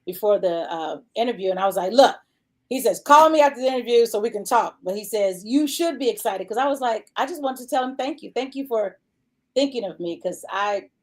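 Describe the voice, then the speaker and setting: A woman hosts a relaxed music interview show. Her chat rambles and is full of fillers, delivered in a middling voice that is neither high nor low. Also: fairly quick. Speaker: show host.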